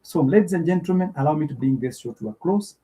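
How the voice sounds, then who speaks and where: A man's voice: on the high side, lively intonation, fast, dark tone. A middle-aged Kenyan man hosting a live stream, effusively thanking viewers by name and giving preacher-like blessings.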